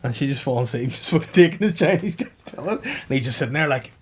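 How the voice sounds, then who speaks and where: A man's voice: on the high side, lively intonation, breathy edge. A man chatting on a comedy podcast, swearing a lot and acting out the people in his stories. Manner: swears often, acts out other people in quick bursts. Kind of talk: casual comedy podcast banter.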